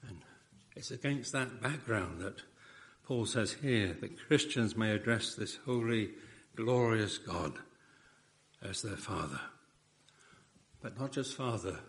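A man's voice: on the low side, animated, slow pace, pauses often, a bit bright. A man preaching a sermon in an earnest, emphatic way, often repeating phrases for weight.

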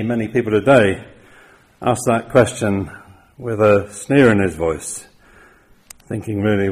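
A man preaching a sermon, with emphatic stresses that rise loud and then drop quiet. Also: lowish voice.

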